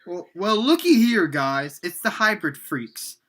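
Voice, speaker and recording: A man's voice: high voice, sing-song, measured pace, a bit bright, voice pushed up, heavily acted. A man putting on a mocking teen bully. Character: bullying teenage gang leader, mocking.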